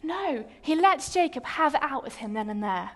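A woman preaching a sermon, retelling a scripture story with lively, dramatic pacing and pauses. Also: high voice.

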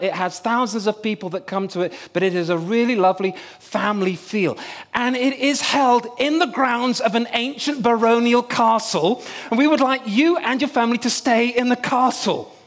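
Man preaching, high voice, lively storytelling, middle-aged. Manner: animated storytelling with humor. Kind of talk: sermon with personal story.

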